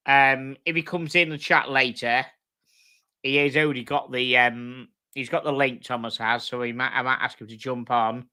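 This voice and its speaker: At home with his dogs, a man hosts a casual live stream, reading viewers' comments aloud and swapping sweary banter with them. His mid-range voice is pushed and bright, and his blokey chat is full of laughter.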